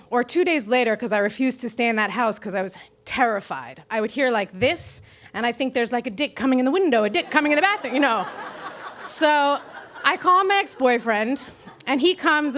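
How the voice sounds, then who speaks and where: A woman from Brooklyn telling a true story on stage at a live story slam, profane, self-mocking and animated. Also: high-pitched, moderate pace. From Brooklyn, New York.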